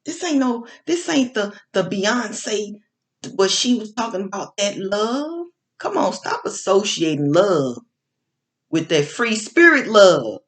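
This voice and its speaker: Preachy woman with lively, rising pitch. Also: slow pace. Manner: preachy, repetitive, building emphasis; informal slang, frequent restarts. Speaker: online speaker on faith and love. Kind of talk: casual spoken sermon-style monologue.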